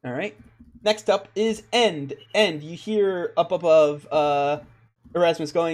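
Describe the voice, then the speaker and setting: A man running a tabletop game, his voice sitting a bit high. He lays out the rules patiently and laughs easily. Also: takes it slowly. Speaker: dungeon master.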